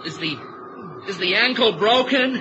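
A lively, high-pitched trapper, easygoing and reassuring. The old radio-drama recording is muffled and hissy. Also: male voice, normal speed. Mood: steady. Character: steady trapper Ted, easygoing. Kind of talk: vintage radio drama acting.

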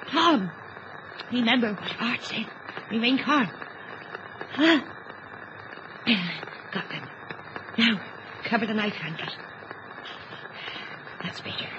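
An actress playing a panicky young wife who stammers and pleads while talked through an emergency, in old radio drama style. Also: female voice, on the high side, animated, slow, long pauses. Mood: frantic. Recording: dull, hissy old recording.

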